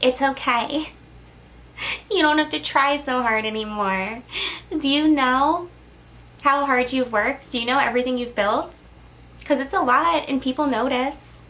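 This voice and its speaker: A young woman crystal healer speaking to camera in a soft, reassuring, casual way, sometimes laughing between lines. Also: sits high, measured pace. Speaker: crystal healer giving a channeled message. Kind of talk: gentle spiritual pep talk to camera.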